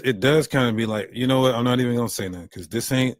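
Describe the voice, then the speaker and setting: A man in a played clip speaking in a measured, hedging way, often stammering and repeating words. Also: medium pitch, dry recording. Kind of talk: measured discussion.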